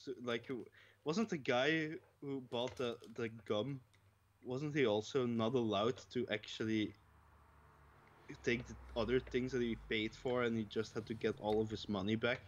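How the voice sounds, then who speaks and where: A man's voice: mid-range voice, fairly even intonation, moderate pace, dull audio. A man co-hosting a crude comedy podcast, bantering sarcastically and swearing. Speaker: podcast co-host.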